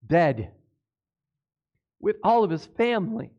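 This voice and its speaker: A man's voice: sits high, sing-song, slow pace, mellow, muffled recording. A pastor preaching a sermon to his congregation, throwing out rhetorical questions, stumbling over names and correcting himself as he goes.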